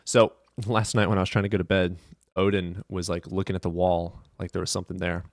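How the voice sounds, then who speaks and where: A man's voice: low voice, level tone, a little fast, dry recording, clean studio sound. A man hosting a live stream from his desk at home, chatting casually and telling rambling, profane stories.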